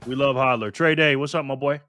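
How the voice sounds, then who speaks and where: A man's voice: medium pitch, fairly even intonation, brisk, bright, forceful tone, soft background music. A man hosting a casual live stream, cheerfully greeting viewers by name and chatting as he spins a prize wheel.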